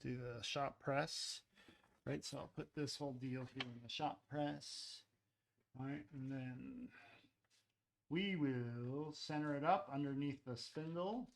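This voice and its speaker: A man's voice: mid-range voice, takes it slowly, vocal fry, slight background noise. A man showing how he makes clay cups in his pottery studio, talking casually as he works and often trailing off into murmurs. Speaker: ceramics artist demonstrating. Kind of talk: live-stream pottery demonstration.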